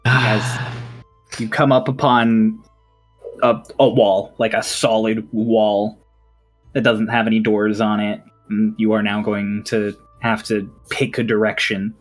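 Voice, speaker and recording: A man's voice: fairly low pitch, little pitch movement, slow, faint music behind. Man narrating as game master.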